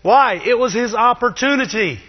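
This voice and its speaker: A man preaching a sermon in a lively, chatty way, with asides to the congregation. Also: very high-pitched, normal speed, slightly rough. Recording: dull, long reverb of a hall.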